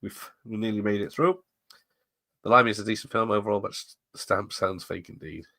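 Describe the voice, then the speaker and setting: A man's voice: fairly low pitch, fairly even intonation, brisk, sharp tone, no echo. A middle-aged man hosting a watch party, chatting casually, laughing often and wandering into asides while he reads the chat. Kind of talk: casual live commentary reading chat.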